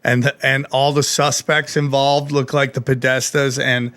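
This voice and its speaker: A man hosting a podcast in casual, animated chat, swearing freely and calling people "dude". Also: medium pitch, unhurried. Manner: animated, profane, says "dude" often. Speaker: podcast host.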